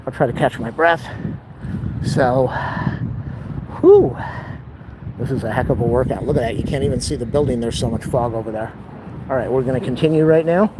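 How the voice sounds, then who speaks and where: A man's voice: medium pitch, quick pace. Winded man ranting on a walk. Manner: ranting, opinionated, talks while walking. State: out of breath from walking uphill. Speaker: vlogger. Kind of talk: rambling walking vlog. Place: outdoors on city streets. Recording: faint street noise outdoors.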